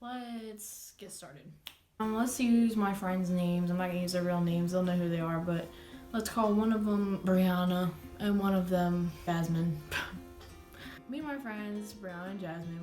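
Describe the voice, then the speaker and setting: A woman's voice: fairly low pitch, fairly even intonation, moderate pace, warm tone, faint music behind. A young adult woman casually telling a dramatic personal story on her vlog, swearing, laughing and exaggerating as she goes. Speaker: vlogger. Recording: echoey room.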